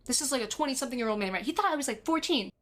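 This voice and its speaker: A young woman telling a story to her stream chat in a casual, animated way, swearing constantly and acting out what people said. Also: high voice, rapid-fire.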